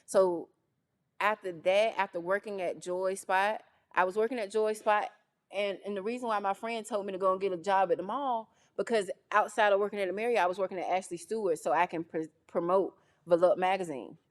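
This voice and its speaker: A woman from North Carolina, a guest in a casual interview, telling her story with lively, acted-out quotes. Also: medium pitch, brisk. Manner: animated, acts out quoted voices. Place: studio on location.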